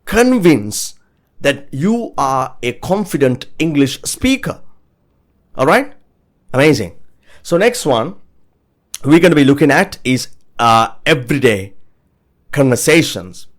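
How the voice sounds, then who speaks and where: An upbeat man teaches a spoken English lesson at a middle pitch. He says each everyday phrase slowly and repeats it so listeners can copy it. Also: sing-song.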